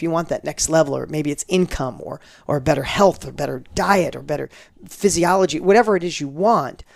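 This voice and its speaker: A middle-aged man, interviewed as a guest, tells a personal story emphatically and with animation, acting out the quoted dialogue. His voice is on the high side and creaky. The recording is dry with clean studio sound.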